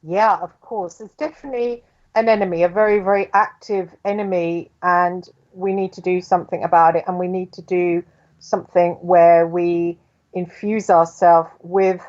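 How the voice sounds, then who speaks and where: A woman speaking as a guest on a radio show by phone from her home, earnest and trailing off quietly at the ends of phrases. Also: on the low side, fairly even intonation, normal speed. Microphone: telephone. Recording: dull phone line.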